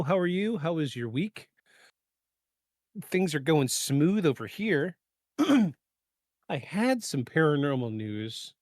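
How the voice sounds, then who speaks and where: Rambling man clearing his throat. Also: mid-range voice, no echo. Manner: rambling, many fillers, self-correcting. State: keeps clearing throat from pollen allergies. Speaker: podcast host. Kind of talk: casual live podcast chat. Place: home setup in the eastern US.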